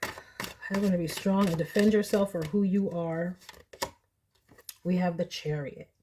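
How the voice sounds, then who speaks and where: A young woman giving a casual pick-a-card tarot reading, chatty and animated, often laughing. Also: lowish voice, unhurried, a little hiss or hum. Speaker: tarot reader.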